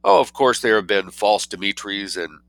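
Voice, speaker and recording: A sceptical, easily rattled gentleman, read by a man who speaks bluntly and with impatience. His tone is low and bright, recorded dry. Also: moderate pace, creaky, dry recording. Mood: reasoning. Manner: blunt, exasperated.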